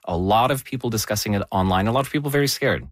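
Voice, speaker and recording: A man explaining a news story in a conversational way, animated and correcting himself as he goes. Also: fairly low pitch, quick pace, no room sound.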